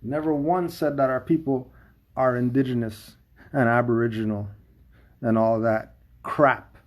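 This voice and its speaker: A man's voice: mid-range voice, fairly even intonation, measured pace. A man giving emphatic livestream commentary, firing off rhetorical questions.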